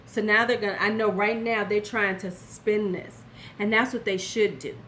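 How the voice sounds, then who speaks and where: With a steady, fairly bright, medium-pitched voice at normal speed, an older woman vlogs casually about beauty, offering blunt, sassy advice to the viewer and answering chat now and then. The recording carries a little hiss or hum.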